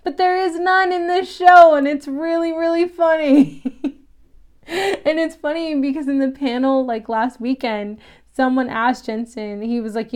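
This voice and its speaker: A woman casually recapping a TV episode, chatty and animated, laughing often and acting out quoted lines. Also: high voice, unhurried.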